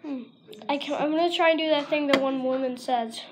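A woman's voice: high voice, steady tone, a little fast, a crowd in the background. A woman vlogging in a casual, rambling way, jumping from topic to topic while talking into a camera. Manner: rambling, jumps between topics. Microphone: camera mic. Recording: loud background noise with clicks.

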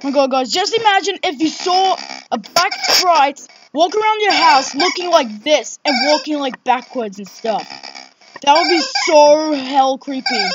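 Loud music and heavy background noise sit behind this let's play gamer, a woman with a high, expressive voice at a measured pace, and the highs are cut off. Playing a horror game, she's jumpy, exclaims, swears frequently and keeps saying "oh my God."

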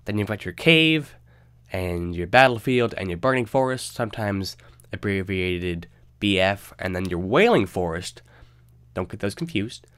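A man's voice: lowish voice, animated, unhurried, a bit bright, clear, resonant tone, no room sound, clean studio sound. A young man with a stuffy, nasal voice from a cold, casually narrating a game guide with loose, rambling fillers. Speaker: game guide video host.

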